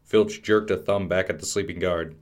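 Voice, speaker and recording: A man hosting a podcast, reading a fantasy storybook aloud in a measured, dramatic way. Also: low voice, steady tone. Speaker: podcast host and storybook narrator. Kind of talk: scripted storybook narration.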